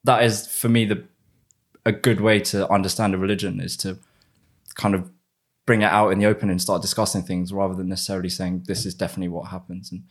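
A man's voice: deep voice, little pitch movement, fairly quick. A man in his twenties, a podcast guest chatting casually and recalling old stories in long rambling runs. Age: 20s. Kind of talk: casual chat.

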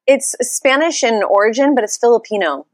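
A woman's voice: a little high, animated, normal speed, no room sound. An American woman in her thirties, a pole studio owner, talking in an upbeat, friendly way as a podcast guest. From United States. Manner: upbeat and friendly, with many ums. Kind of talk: casual interview chat.

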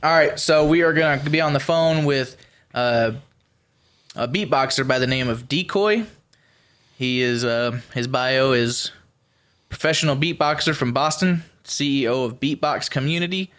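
A man's voice: mid-range voice, moderate pace, fairly bright tone. Loose, cursing male podcast host. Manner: loose, profane, joking. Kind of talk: casual podcast chat.

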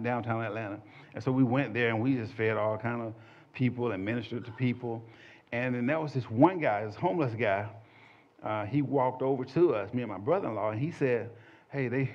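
A man recounts a church testimony to a small group, speaking in a folksy, animated storytelling way at a middling pitch. The recording is muffled and lo-fi. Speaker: church minister giving a testimony. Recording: dull lo-fi audio.

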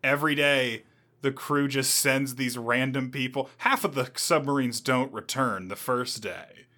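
A man co-hosting a casual comedy podcast, trading quick, wry comebacks. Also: medium pitch, bright, forceful tone. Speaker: podcast co-host.

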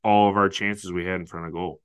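Low-voiced man, dry close sound. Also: flat delivery, a bit bright, clean tone, no room sound. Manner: halting, restarts, agreeable. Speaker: podcast co-host. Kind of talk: casual football podcast chat.

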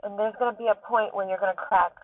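A shaken, tearful woman pours out an urgent, emphatic monologue from inside her car, swearing often. The sound is thin and tinny like a phone line, and completely dry with no room echo. Her voice sits at a middling pitch. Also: fairly even intonation, quick pace. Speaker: podcast host. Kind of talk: emotional monologue. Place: parked car.

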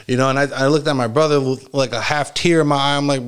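A man telling a long story from his childhood in a casual, rambling way, swearing often and filling pauses with "like" and "you know". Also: fairly high pitch, fairly even intonation, fairly bright tone, clean tone. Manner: rambling, heavy swearing, frequent fillers and laughs.

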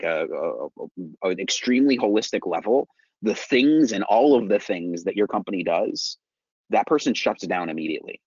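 A man's voice: fairly low pitch, husky, dry recording, dull audio. A man in casual podcast chat, explaining his ideas at length and often checking in with "right?". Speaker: sales podcast co-host.

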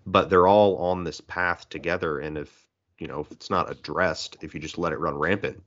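A man's voice: sits low, moderate pace, lo-fi sound. A man talking casually and at length about a film, acting out quotes in other voices. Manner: rambling, animated, acts out quotes in voices. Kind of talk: casual podcast discussion.

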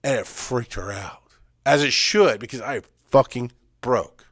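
Guy telling a raw story, goes loud then real quiet, mid voice, dry. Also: mid-range voice, dry recording. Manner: intense, swings from loud urgent emphasis to hushed, halting recall. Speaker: speaker sharing personal story. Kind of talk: emotional personal testimony.

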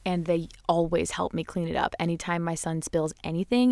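A woman's voice: lowish voice, steady tone, a little fast, hardly any pauses, mellow, no room sound, clean studio sound. A young woman hosting a parenting show, talking candidly and casually with lots of "like" and "you know", sometimes acting out her kids' voices. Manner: acts out her children's voices in quotes. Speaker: parenting podcast host. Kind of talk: casual chat.

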